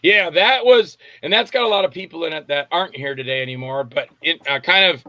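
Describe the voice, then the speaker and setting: A man, a film director, telling lively anecdotes in a casual interview, acting out the voices in his stories. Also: a little high, a little fast, no echo, dull audio. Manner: animated anecdotes, acts out voices and shouts. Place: Tampa area, Florida.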